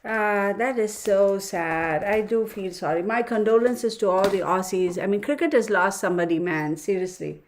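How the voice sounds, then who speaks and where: A woman's voice: mid-range voice, normal speed, few pauses, slight background noise. A woman hosting a casual tarot livestream, chatting with viewers and muttering numbers under her breath as she works. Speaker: tarot reader livestream host.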